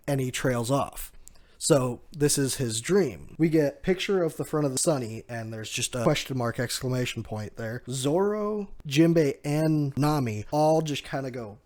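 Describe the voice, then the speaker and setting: A man's voice: mid-range voice, a little slow. A man hosting a casual chapter recap, retelling the scenes and laughing often as he quotes the characters. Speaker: manga recap host.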